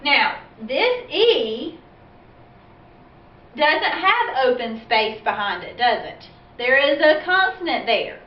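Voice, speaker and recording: A woman teacher giving a phonics lesson for parents and children, explaining slowly and patiently and asking questions as she goes. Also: high-pitched, very animated. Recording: echoey, dull, distant from the mic.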